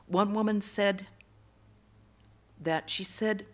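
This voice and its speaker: A woman giving a temple lecture, telling stories earnestly and going soft and hushed on tender words. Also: medium pitch, fairly even intonation, takes it slowly. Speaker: monastic lecturer. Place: temple hall.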